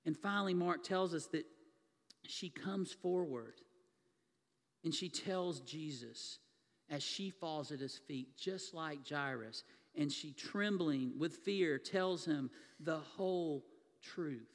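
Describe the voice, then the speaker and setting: High-voiced preacher in a reverberant hall. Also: male voice, slow. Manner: vivid storytelling, retelling a scripture scene. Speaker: pastor. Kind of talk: sermon.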